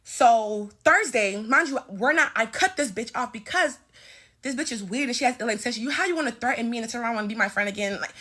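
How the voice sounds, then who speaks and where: Speaking quickly in a somewhat high, slightly bright voice, a woman in her twenties rants through a heated, foul-mouthed story time. This vlogger stutters as she talks, recording indoors in her bathroom at home.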